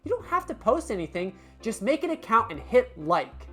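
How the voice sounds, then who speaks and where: A woman's voice: on the high side, very animated, normal speed, sharp tone, soft background music, voice pushed up. A woman voicing an upbeat, pushy young woman in a story game, with a teasing manner. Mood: chirpy.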